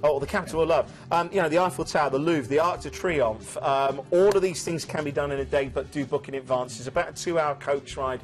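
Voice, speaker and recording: A man presenting cruise deals on a shopping channel, chatty and animated with jokey asides. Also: a little high, fairly quick, hardly any pauses. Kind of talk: shopping channel sales chat.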